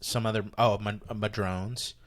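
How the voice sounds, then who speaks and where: A man, a comedian, talking casually on a podcast, rambling and animated, with many restarts. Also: lowish voice, measured pace. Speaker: comedian guest.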